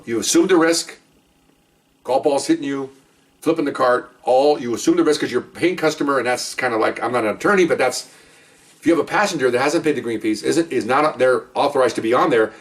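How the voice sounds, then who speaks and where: Man telling cop stories, lively. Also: mid-range voice, distant mic. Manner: animated retelling, acts out quoted voices. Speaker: retired police officer telling stories. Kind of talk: casual storytelling.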